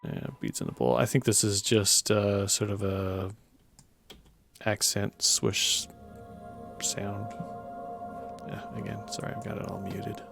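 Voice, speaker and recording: A man explaining his music production in a relaxed, casual way, thinking aloud with fillers and self-corrections. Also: fairly low pitch, slow pace, gravelly, pauses often. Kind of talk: casual screen walkthrough. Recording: music playing underneath.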